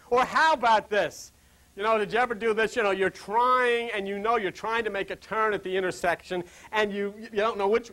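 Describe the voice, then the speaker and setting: Speaking to a small group, this man delivers a loose, rambling spiritual talk, laughing through jokes on the side and asking his audience questions head-on. He sounds high and a little bright, though the recording is poor.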